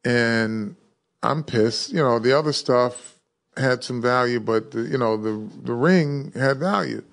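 Ex-football player on a podcast, regular pitch, laid back, keeps restarting sentences. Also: male voice, vocal fry. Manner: relaxed, halting, with many restarts. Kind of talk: casual interview storytelling.

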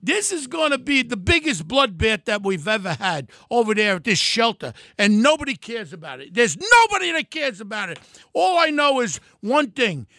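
Delivering a combative political rant on his podcast, an older male host sounds loud and heated, at a normal speed with a sing-song lilt. He pitches very high for a man, with a gravelly crackle and a sharp, forceful edge. There's no room sound; the audio is close and dry.

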